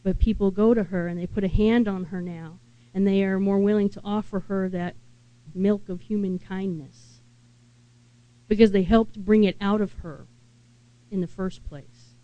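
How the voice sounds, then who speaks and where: A woman preaching a sermon in an earnest, unhurried way and asking her listeners many questions. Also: mid-range voice, steady tone, dry recording, lo-fi sound.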